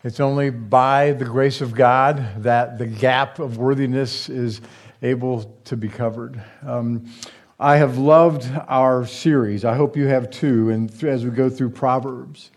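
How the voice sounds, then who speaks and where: A man's voice: mid-range voice, fairly even intonation. Man pastor, easygoing sermon, stop-start delivery with small jokes. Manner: halting, with fillers and light joking asides. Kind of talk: conversational sermon.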